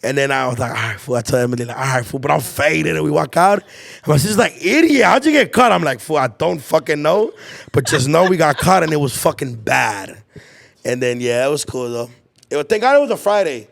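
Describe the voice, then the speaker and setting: His voice is mid-range, brisk and gravelly: a young man hosting a podcast and telling school stories. The chat is casual, heavy on slang and swearing, with animated impressions of the people he quotes.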